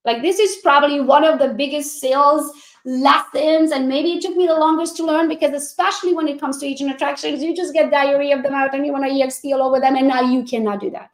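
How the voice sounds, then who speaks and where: High-voiced woman sales coach, talks fast and a lot, echoey room. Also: fairly even intonation. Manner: acts out calls in a bubbly voice. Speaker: real estate sales coach. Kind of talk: coaching presentation.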